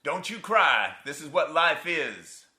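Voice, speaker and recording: A man's voice: medium pitch, lively intonation, normal speed, pushed and bright. A man voicing a sadistic, mocking rural father who barks orders and talks in folksy riddles, recorded on a theatre stage. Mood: barking. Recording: roomy theatre sound.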